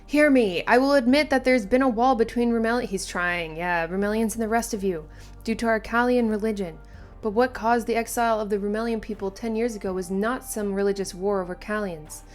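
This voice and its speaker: A woman's voice: medium pitch, fairly even intonation, brisk, soft background music, close to an everyday voice. A woman reading aloud the lines of a male tribal leader giving an earnest speech to a crowd.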